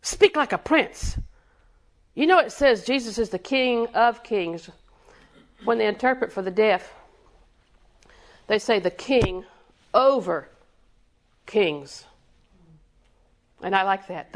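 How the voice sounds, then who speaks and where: A woman's voice: mid-range voice, creaky. A woman preaching a sermon with rhythmic repetition, quizzing her congregation and chuckling between points.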